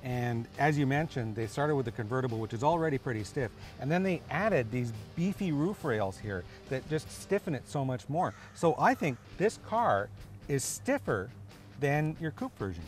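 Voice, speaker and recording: A man co-hosting a car review show, talking in a lively, playful way. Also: mid-range voice, normal speed, faint music behind.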